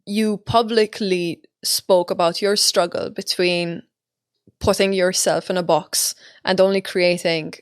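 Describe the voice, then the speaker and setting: A woman from Malta with a Maltese accent, hosting a relaxed interview and chatting easily with fillers. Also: fairly low pitch, a little slow, smooth, no room sound, clean studio sound. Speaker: podcast host. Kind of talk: casual interview chat.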